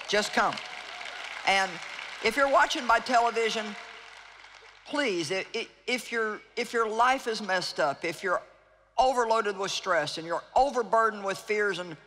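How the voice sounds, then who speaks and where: A woman's voice: mid-range voice, pushed and bright. Earnest woman preaching in a reverberant hall. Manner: earnest, pleading, repeats phrases for emphasis. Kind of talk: evangelistic sermon. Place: large hall with live audience. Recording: long reverb of a large hall.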